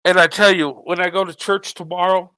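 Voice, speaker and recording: Middle-aged male vlogger, high-pitched, tearful and faltering, dry recording. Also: flat delivery, sharp tone, clean tone, no echo. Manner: halting, repeats words, voice breaking with emotion. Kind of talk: emotional personal monologue.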